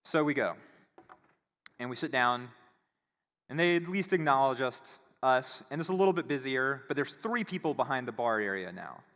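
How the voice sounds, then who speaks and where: At a conference, a male speaker with a mid-range voice tells a casual, animated story at a moderate pace, acting out the voices of the people in it. The sound echoes through a reverberant hall.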